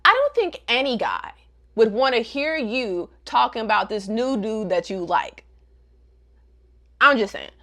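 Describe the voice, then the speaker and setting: Sassy woman host, lively and bright, slangy comic commentary. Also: a little high, measured pace, long pauses. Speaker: manga reviewer. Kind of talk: casual comic recap.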